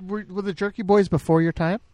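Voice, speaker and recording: A man's voice: high voice, steady tone, brisk, a little mellow, no echo. A man co-hosting a podcast, joking and laughing through casual banter. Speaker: podcast co-host. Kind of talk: casual chat.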